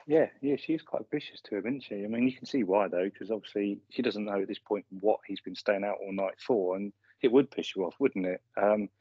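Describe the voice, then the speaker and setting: Male podcast co-host, low-pitched, husky, chatty recapper, dry muffled recording. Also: brisk, few pauses, no echo. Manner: chatty, chuckles often. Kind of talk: casual chat recapping a sitcom episode. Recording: slightly muffled lo-fi audio.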